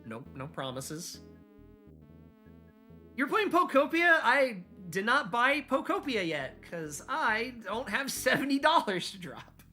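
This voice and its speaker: Bright-voiced, excitable male game streamer. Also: very high-pitched, slow, soft background music. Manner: excitable and jokey, reading chat aloud. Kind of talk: casual live-stream chat while gaming.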